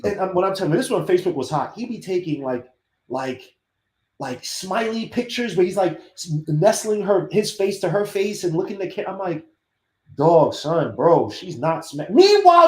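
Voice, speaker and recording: A man chatting on a podcast, talking in a high voice that swings widely as he tells stories and acts out other people. His voice rings out in a roomy, echoing space. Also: moderate pace, slight background noise. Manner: animated storytelling, acts out quoted voices. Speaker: podcast host. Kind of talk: casual podcast chat. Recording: roomy echo.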